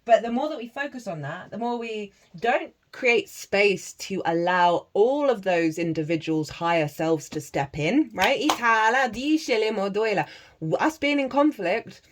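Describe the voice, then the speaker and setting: A woman's voice: mid-range voice, animated, a little slow, hardly any pauses. A woman reading tarot cards in a casual spiritual talk, chatty, laughing often and breaking into chanted phrases. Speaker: tarot reader.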